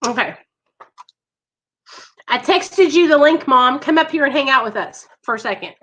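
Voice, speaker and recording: High bright emotional woman host. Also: lively intonation, moderate pace. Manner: earnest, emotional, talks straight to viewers. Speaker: live show host in recovery. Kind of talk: emotional live-stream chat.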